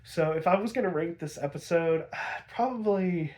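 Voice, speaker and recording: A man's voice: on the high side, moderate pace, darkish tone. A young man giving a casual, chatty recap of a TV episode, laughing often and using many fillers. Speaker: episode reviewer.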